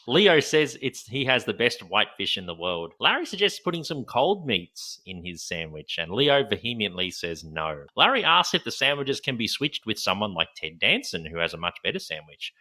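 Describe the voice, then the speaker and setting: A man's voice: lowish voice, very animated, normal speed, few pauses, sharp tone. A man co-hosting a podcast, recapping a TV episode scene by scene in casual chat and laughing often. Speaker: podcast co-host.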